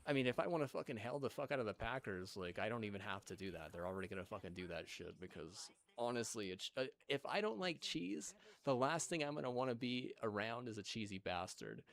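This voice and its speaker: A man's voice: lowish voice, very animated, fairly quick, vocal fry, a bit bright. A young man rants at length. He rambles and swears constantly, piling up fillers and false starts as he goes. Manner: rambling, profane, many fillers and restarts. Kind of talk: profane rambling rant.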